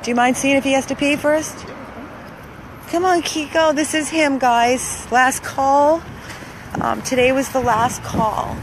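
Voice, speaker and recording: Filming an old dog's rescue for her viewers, a woman with a high-sitting, slightly slow voice coos baby talk to the dog and speaks earnestly to the camera. It's a casual vlog with background noise, starting outdoors by a car and moving inside it.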